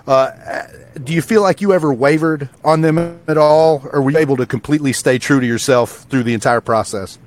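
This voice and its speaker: A man's voice: fairly high pitch, a little fast. A man co-hosting a podcast, asking questions in a rambling, hesitant, friendly way. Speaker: podcast co-host. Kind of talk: casual interview chat.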